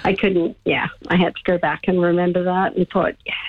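A woman's voice: lowish voice, fairly quick, husky. Giggly female caller on a tinny phone line. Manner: giggly, animated anecdote-teller. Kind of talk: casual call-in chat.

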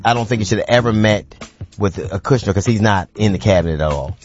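Animated male talk show host, lo-fi. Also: on the low side, faint music behind. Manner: animated, joking, quick repeated restarts. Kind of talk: casual radio talk show banter.

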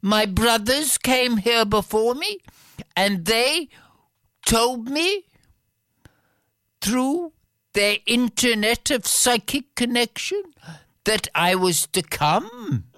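A woman playing a gentle young fairy-tale princess, gracious and earnest, slow, smooth, dry. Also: on the high side, very animated, dry recording, voice pushed up, exaggerated voice. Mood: pleading.

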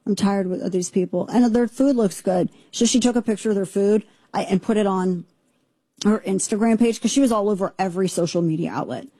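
A woman's voice: medium pitch, fairly quick, mellow, husky, no echo. Sarcastic woman talk radio host. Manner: indignant, sarcastic, rambling. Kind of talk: opinionated talk radio monologue. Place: radio studio. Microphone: studio microphone.

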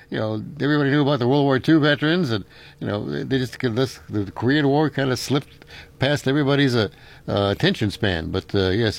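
Older male radio host, folksy and rambling, chuckles often. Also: medium pitch. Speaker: radio talk show host. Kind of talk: local radio call-in show.

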